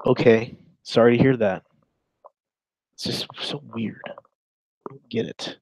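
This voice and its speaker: A man's voice: mid-range voice, a little slow, long pauses, a little mellow, no room sound, poor audio. This is a man in casual podcast chat, reacting to chat logs he reads aloud. He rambles, swears, and breaks off mid-thought before starting again. His voice sits mid-range and the recording is close and dry, with no room sound. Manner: rambling, crude, trails off and restarts. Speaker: podcast co-host.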